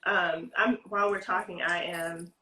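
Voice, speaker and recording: A woman's voice: lowish voice, steady tone, measured pace, sharp tone, echoey room, far from the mic, slight background noise, poor audio. A woman giving a casual cooking demonstration over a video call from her home kitchen, explaining tips step by step in a chatty way. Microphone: video call, stepping back from the device.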